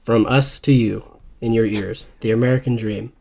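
A man's voice: lowish voice, fairly even intonation, normal speed, gravelly, dark tone. A young man co-hosting a casual podcast with his best friend, joking around in a playful way. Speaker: podcast co-host. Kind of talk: casual chat.

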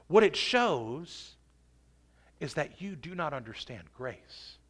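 A man preaching a sermon with emphatic delivery, stretching and swelling key phrases and dropping to a hush. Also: fairly high pitch, very animated, slow, slightly rough. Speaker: pastor.

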